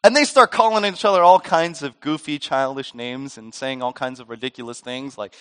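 A man's voice: medium pitch, normal speed, hardly any pauses, smooth. A male pastor preaching a sermon, telling stories and acting out quoted voices along the way. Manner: animated storytelling, acts out voices in a joke.

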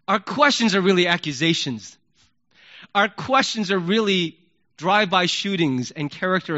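High, bright-voiced man preaching. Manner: animated, acts out yelling questions. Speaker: pastor. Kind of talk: sermon. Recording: dull lo-fi recording.

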